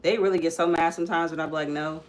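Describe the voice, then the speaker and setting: A woman's voice: fairly low pitch, steady tone, very fast. A young woman chatting casually through a live makeup stream, calling her viewers guys and breaking off to tell her kids to stop climbing on things. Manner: frequent ums while working. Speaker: makeup vlogger and mother.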